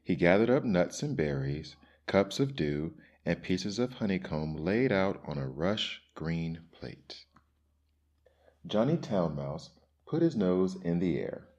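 Deep, slow-reading male storyteller. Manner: gentle, measured, expressive. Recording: dull lo-fi recording.

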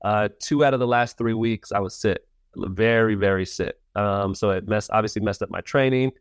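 Earnest low-voiced man reflecting. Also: moderate pace, smooth, no room sound, clean studio sound. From United States. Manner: earnest, restarts words, quotes his own inner voice. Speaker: podcast guest. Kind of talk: reflective interview talk.

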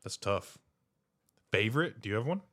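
A man co-hosting a casual podcast chat, animated and quick to break into silly voices. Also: on the low side, no room sound. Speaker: podcast co-host.

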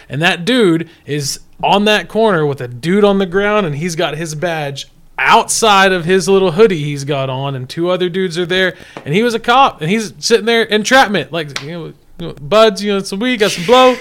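A man's voice: sits high, normal speed, a bit bright. A man from Amarillo, Texas, telling stories in a loose, joking, casual podcast chat. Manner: joking storyteller, swears casually.

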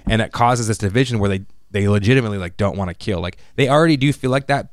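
Animated man retelling a story. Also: quick pace, no room sound, studio quality. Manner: animated storyteller, acts out character lines in jumpy high voices. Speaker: podcast co-host recapping an anime. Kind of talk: casual chat.

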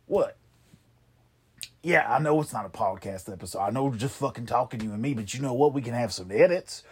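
A man hosting a comedy show, rambling and trading deadpan, profane insults in a one-sided phone call. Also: mid-range voice, a little fast, slightly rough.

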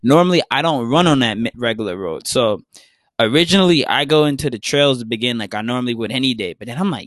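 A man's voice: medium pitch, lively intonation, fast talker, fairly bright tone, no echo. A young man, telling a story in casual podcast chat. He swears a lot and acts out his own past remarks. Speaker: podcast co-host.

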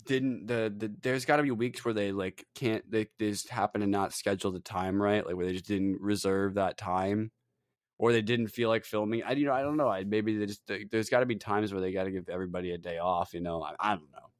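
A man's voice: fairly low pitch, steady tone, a little fast, clear, resonant tone, dry recording, studio quality. Rambling man with a northern English accent. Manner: rambling, swearing, frequent fillers and restarts. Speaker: podcast co-host. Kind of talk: casual chat.

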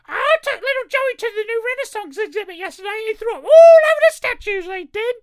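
A man imitating a screechy old British housewife in a comedy sketch, speaking in a very high falsetto with a British accent. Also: lively intonation, a little fast, dry recording, studio quality. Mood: complaining.

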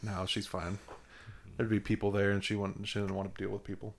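A man's voice: fairly low pitch, little pitch movement, a little fast, vocal fry, a little hiss or hum. A man co-hosting a podcast in casual chat, talking in a laid-back, rambling way with frequent hesitations. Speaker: podcast co-host.

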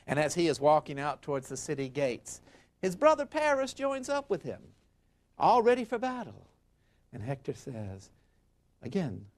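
Man telling an ancient tale with lively pitch. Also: moderate pace. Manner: dramatic and expressive, acts out quotes. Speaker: history lecturer. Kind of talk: storytelling lecture.

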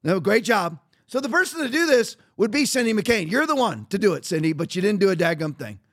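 A middle-aged man with a high-pitched voice hosts a podcast, delivering political commentary. He talks in an emphatic, repetitive way, leaning on sarcasm to make his points. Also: big pitch swings, a little fast, a bit bright. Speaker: podcast host.

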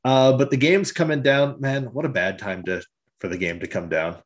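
A man co-hosting a podcast, talking in animated casual chat, often laughing and swearing casually. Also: medium pitch, normal speed. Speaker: podcast co-host.

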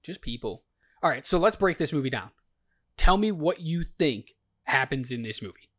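A man hosting a podcast, walking his co-host through a movie's plot and teasing her gently. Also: fairly high pitch, animated, moderate pace. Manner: leading, teasing, explains plot. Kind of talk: casual movie review chat.

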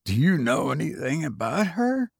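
A man's voice: very animated, normal speed, vocal fry, slightly rough, dry recording, clean studio sound, full character voice. A man voicing an idealistic young male student who speaks earnestly and urgently. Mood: eager. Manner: earnest, high-pitched pleading.

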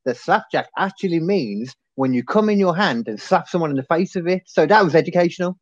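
Joking co-host man, slightly high, lively, dull dry sound. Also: brisk, no echo. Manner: joking, chatty, sweary. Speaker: podcast co-host. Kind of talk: casual true-crime chat.

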